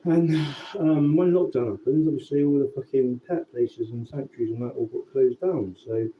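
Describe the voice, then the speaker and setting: A man's voice: mid-range voice, moderate pace. Sweary man on a tinny line. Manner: sweary, relaxed, rambling with restarts. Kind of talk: casual rambling storytelling. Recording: tinny phone-like sound with faint background noise.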